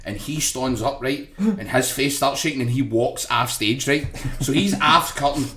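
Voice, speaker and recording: A man's voice: medium pitch, moderate pace, a bit bright, echoey room, slight background noise. A Scottish man on a podcast, telling a rowdy story in casual chat, swearing, laughing as he goes and ending his lines with "right?". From Scotland.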